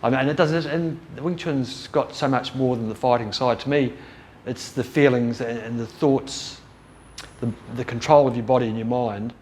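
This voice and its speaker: There's a little hiss or hum behind this middle-aged man's slightly mellow, medium-pitched voice at normal speed. His storytelling is casual and rambling, full of interrupted, restarted sentences, and he laughs at his own stories.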